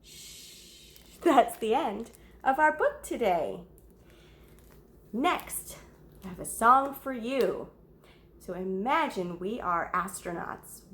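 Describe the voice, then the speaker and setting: A woman reading a story aloud to children, pausing to ask the young listeners questions and gasping or whispering for effect. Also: on the high side, pushed and bright.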